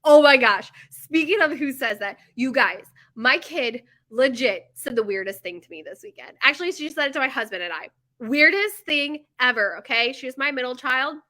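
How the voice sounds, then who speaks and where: A woman in her thirties talks straight to camera about her bakery, chatty and animated, drifting off on tangents and padding her sentences with fillers. Her voice sits high and sounds bright and crisp. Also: moderate pace, hardly any pauses. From United States. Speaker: bakery owner. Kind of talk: casual chat to camera.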